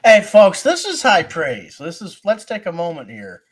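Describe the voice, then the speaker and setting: A man co-hosting a casual podcast, reacting with lively, joking remarks from a little farther off the mic. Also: high-pitched, normal speed. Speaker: podcast co-host. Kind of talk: casual chat.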